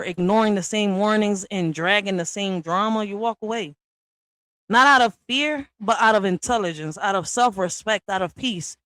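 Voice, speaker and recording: A woman's voice: no room sound, rough recording. Blunt, profane woman ranting. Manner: blunt, profane, repeats "all right?"; swings from low and quiet to loud and high. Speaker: online commentator responding to another creator. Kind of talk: heated response rant.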